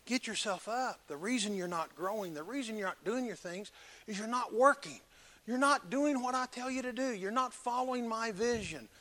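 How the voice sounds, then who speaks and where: A man preaching, voicing God as a stern Lord who rebukes an elder in a hushed, commanding way. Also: high-pitched, moderate pace.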